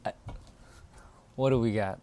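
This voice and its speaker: Slow-talking man hosting a livestream. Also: medium pitch, mellow. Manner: laid-back, musing, quick to laugh. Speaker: livestream host. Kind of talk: casual livestream chat.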